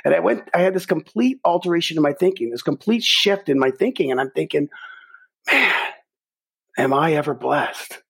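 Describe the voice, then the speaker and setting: A middle-aged man, a podcast guest, telling a personal story in a lively way and acting out his own thoughts. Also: fairly high pitch, quick pace, gravelly, few pauses, husky.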